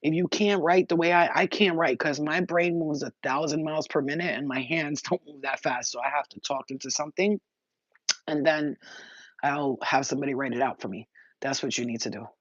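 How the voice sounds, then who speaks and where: A woman giving a channeled spiritual message to her viewers, talking in an excited, rambling and emotional way, and cursing now and then. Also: sits low, brisk, breathy edge, no room sound, dull audio. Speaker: spiritual reader.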